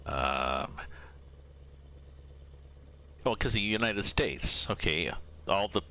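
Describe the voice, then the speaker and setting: A man's voice: low-pitched, lively intonation, takes it slowly, pushed and bright. A man streaming a truck driving game, chatting casually and musing aloud as he reads out viewer names from a desk mic. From Canada. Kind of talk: casual live-stream chat while driving a truck sim.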